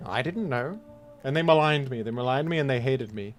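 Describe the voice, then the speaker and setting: Animated and fairly quick, the streamer's voice sits on the high side. He keeps up easygoing chatter as he games, spinning rambling tales at his own expense, with music playing faintly behind him.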